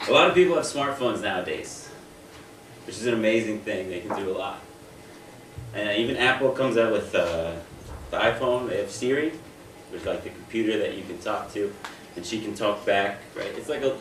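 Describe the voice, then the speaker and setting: A young American man performs self-deprecating stand-up comedy on a stage in a room, often restarting his sentences. His voice is on the low side and fairly bright, picked up by a distant mic in an echoey space with faint noise.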